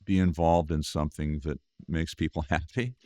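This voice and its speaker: A man guest on a podcast, talking casually and haltingly, with many restarts. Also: extremely low pitch, fairly even intonation, a little mellow, no echo. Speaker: guest, music producer and engineer. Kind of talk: casual interview talk. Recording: dry close-miked studio sound.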